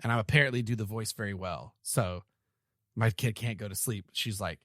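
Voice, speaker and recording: A man co-hosting a casual podcast, joking and animated as he chats about beer and football. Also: on the low side, a little fast, no echo, studio quality. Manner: jokey, animated, laughs often. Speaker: podcast co-host. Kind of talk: casual chat.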